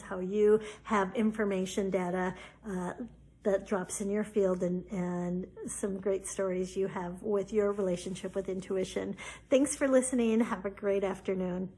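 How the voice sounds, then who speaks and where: A woman in her forties hosting a podcast, telling a personal story in a chatty, animated way with many fillers. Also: mid-range voice, husky. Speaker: podcast host. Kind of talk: personal story, casual spiritual talk.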